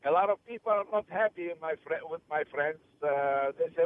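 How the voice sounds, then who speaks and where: A man's voice: fairly high pitch, fairly quick. A man with a New York accent calling in to a sports radio show and talking in a rambling, chatty way. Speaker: caller. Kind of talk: call-in radio chat. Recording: tinny phone line with faint noise.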